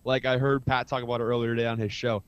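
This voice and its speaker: A man's voice: medium pitch, flat delivery, racing, clean tone. A man co-hosting a podcast, telling stories in casual sports chat with enthusiastic rambling energy. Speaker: podcast co-host. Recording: dull lo-fi sound.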